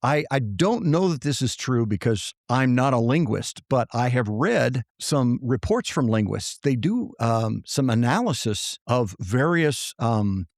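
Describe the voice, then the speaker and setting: A man's voice: mid-range voice, sing-song, measured pace, few pauses, no room sound, clean studio sound. A man co-hosting a podcast, chatting casually and often searching for his words. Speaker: podcast co-host. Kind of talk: casual chat.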